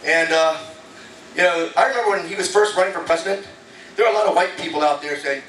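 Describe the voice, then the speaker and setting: A man with a high voice tells jokes on stage in a loose, conversational way and keeps bantering with the crowd. The club echoes, and the mic picks him up from a distance over a faint background hum. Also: fast, fairly bright tone. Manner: casual, chatty, banters with the audience. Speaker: stand-up comedian. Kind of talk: stand-up comedy set. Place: comedy club stage before a live audience. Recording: echoey club recorded from afar.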